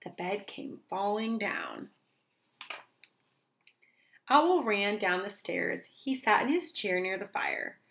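A woman teacher reading a children's book aloud, slowly and clearly for young children. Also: medium pitch, sing-song, a bit bright.

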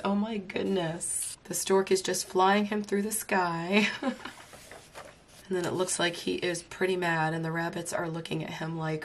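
Woman host, slow and giggly, slightly low voice, strained from illness, faint noise behind. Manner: giggly, laughs often, amused exclamations. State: voice strained, talking hurts while unwell. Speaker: coloring book reviewer. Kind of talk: casual flip-through commentary.

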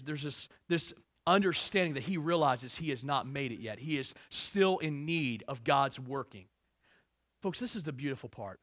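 A middle-aged man preaching a sermon as pastor, swinging between hushed asides and raised, emphatic passages. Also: mid-range voice, no room sound.

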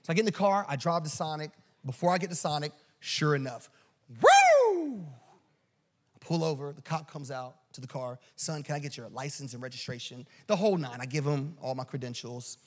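A man preaching a storytelling sermon in a church, animated and joking. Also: a little high, fast, hardly any pauses. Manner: animated and joking, acts out quoted voices. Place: church auditorium.

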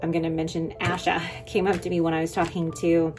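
A young adult woman vlogs about her haul, walking through her purchases in a slightly low voice. She is eager and chatty, rambling with quick asides, while faint music plays beneath her.

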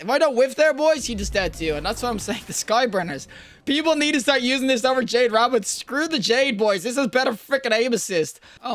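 A young man with a high-pitched voice gives live gameplay commentary. He is excitable and slangy, talking straight to his viewers and breaking into yells and laughs, with faint room sound behind him. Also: slight background noise. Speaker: gaming video creator.

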